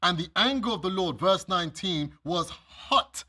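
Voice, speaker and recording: A male minister preaching, reading verses of scripture and then speaking straight to the congregation. His voice sits a little high for a man, with a bright, tense edge and a husky grain. He makes his points with everyday examples. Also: lively intonation, unhurried. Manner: reads scripture aloud and explains it to listeners; addresses listeners directly with everyday examples. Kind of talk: sermon.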